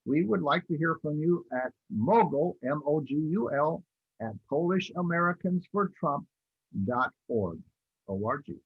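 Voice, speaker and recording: A man co-hosting a scripted talk show, effusive in manner and spelling out addresses slowly. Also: a little high, animated, slightly rough, no room sound. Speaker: co-host. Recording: dull lo-fi recording, dry.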